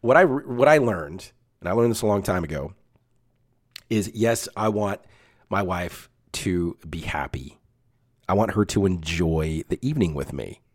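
Folksy man with a low voice. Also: animated, a little slow. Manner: folksy, chatty, with self-corrections and asides. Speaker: manager giving advice. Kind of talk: casual advice monologue.

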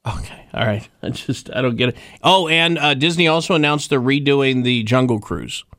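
A man's voice: medium pitch, moderate pace, fairly bright tone, dry recording, clean studio sound. A man hosting a radio call-in show, with wry, offhand casual banter. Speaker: radio talk show host.

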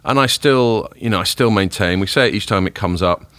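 A man's voice: fairly low pitch, fairly quick, fairly bright tone, dry recording. A man hosting a tech podcast, chatting casually and giving firm opinions. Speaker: podcast host.

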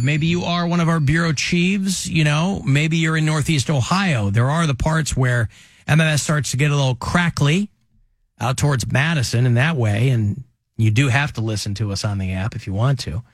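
A man's voice: on the high side, a little fast, no echo. Chatty male radio host, dry studio. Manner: chatty, rambling, animated asides. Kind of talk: casual talk radio banter.

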